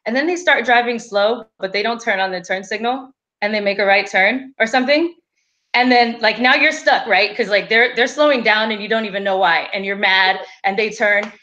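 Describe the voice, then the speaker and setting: A woman's voice: mid-range voice, moderate pace, bright, forceful tone, highs cut off. Giggly Southern woman chatting. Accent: Southern American. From South Carolina. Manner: giggly, laughs often. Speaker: guest. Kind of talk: casual chat.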